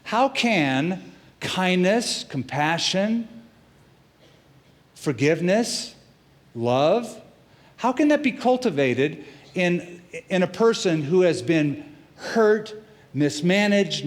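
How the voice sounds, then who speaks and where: A middle-aged man preaching as a pastor, telling the story in a lively way and acting out the characters' quotes. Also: slow. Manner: animated storytelling, acts out quotes with shifts in pitch and loudness. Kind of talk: sermon.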